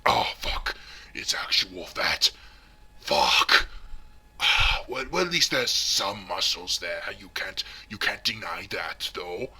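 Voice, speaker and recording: A man's voice: deep voice, animated, heavily acted. Man playing a pompous heavyset villain vlogger. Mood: theatrical. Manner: theatrical, drawn-out, swinging between hushed whispers and shouts. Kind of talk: parody character vlog.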